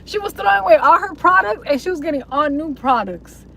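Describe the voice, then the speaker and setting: Here a young streamer talks fast and animatedly in a high, gravelly yet fairly bright voice, rambling to viewers with slang, heavy cursing and mocking impressions. There's slight background noise on a low-quality recording.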